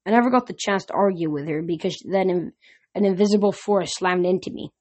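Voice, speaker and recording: A woman's voice: fairly low pitch, brisk, darkish tone. A woman reading a novel aloud, narrating in an unpolished way with frequent slips and restarts. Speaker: reader.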